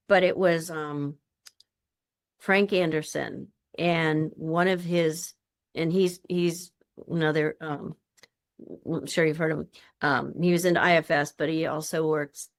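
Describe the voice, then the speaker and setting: A woman presenting a workshop in a chatty, informal teaching style. She acts out the voices of the people she quotes. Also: deep voice.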